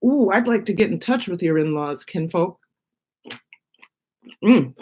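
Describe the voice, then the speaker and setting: A woman's voice: fairly low pitch, animated, measured pace, dark tone. A middle-aged woman chatting casually on her own live stream, rambling from one thought to the next while she eats. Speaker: vlogger on her own channel.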